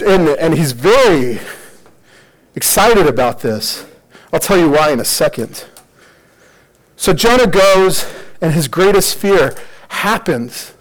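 High-voiced man preaching with jokes. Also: poor audio. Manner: animated, joking retelling with lots of "like". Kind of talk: casual sermon storytelling.

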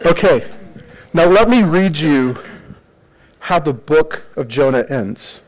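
A high-voiced man giving a casual sermon, retelling scripture with jokes and lively asides. He talks loosely and animatedly, using lots of "like.". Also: takes it slowly, rough recording.

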